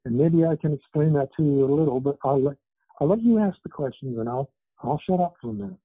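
This man in his seventies is an author, born in England and raised in Canada, guesting on an interview over a tinny phone line. He rambles casually with lots of fillers, speaking fast in a fairly high voice with a breathy edge, and there's no room sound.

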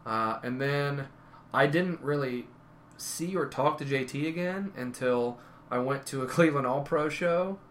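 A man's voice: medium pitch, unhurried, a bit bright, slight background noise. A man telling rambling wrestling stories in casual conversation, often correcting himself. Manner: rambling, self-correcting anecdotes. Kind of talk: casual storytelling.

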